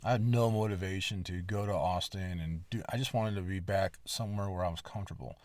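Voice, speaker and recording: A man's voice: sits low, fairly quick, no echo. A man hosting a podcast, telling a long story in a casual, rambling way, with a lot of swearing and emphatic asides. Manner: lively, emphatic retelling. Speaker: podcast host.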